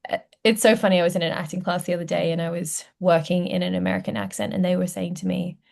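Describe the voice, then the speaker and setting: Reflective Australian woman, gravelly edge. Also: on the low side, fairly even intonation, fast talker, darkish tone. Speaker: podcast guest, actor and writer. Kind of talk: casual podcast interview.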